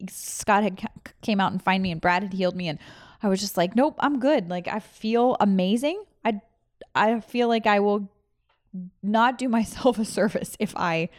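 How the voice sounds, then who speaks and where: A woman, a former veterinarian, earnestly retelling a deeply emotional personal experience in casual chat, full of restarts and rambling. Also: no echo, studio quality.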